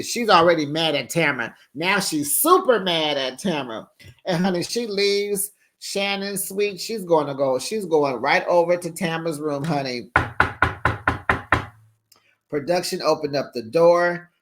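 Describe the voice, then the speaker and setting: A host doing casual recap commentary, telling the story with animated energy and sassy asides like "honey" and "child.". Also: medium pitch, unhurried. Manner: animated storytelling, acts out quotes.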